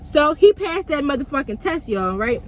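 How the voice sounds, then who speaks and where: A young woman vlogger telling a story in a lively, emphatic, profane way. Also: high voice, moderate pace, slight background noise. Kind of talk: storytime vlog.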